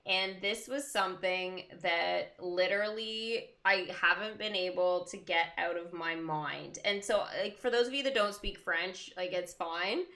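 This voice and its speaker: Bright, giggly young woman host chatting with her live viewers, rambling and easily amused. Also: fairly low pitch, a little slow, few pauses. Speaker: livestream host. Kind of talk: casual chat with live chat viewers.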